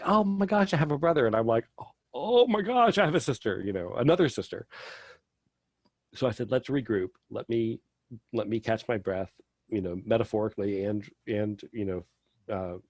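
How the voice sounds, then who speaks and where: A man's voice: fairly low pitch, darkish tone, no room sound. A middle-aged man telling a personal story as a podcast guest, rambling with lots of fillers.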